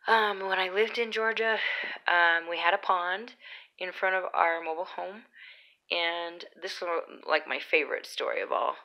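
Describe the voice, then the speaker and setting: A woman's voice: fairly low pitch, moderate pace, bright, forceful tone, rough recording. A young woman from Utah telling rambling stories in a casual vlog, full of fillers. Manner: chatty, rambling, lots of fillers. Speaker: vlogger. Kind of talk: casual storytelling.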